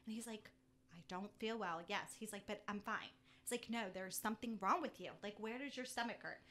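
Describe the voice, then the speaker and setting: A middle-aged woman chatting as a podcast guest, telling a story with lively acted-out dialogue. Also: mid-range voice, a little fast. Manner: animated storyteller who acts out quoted dialogue. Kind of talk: casual chat.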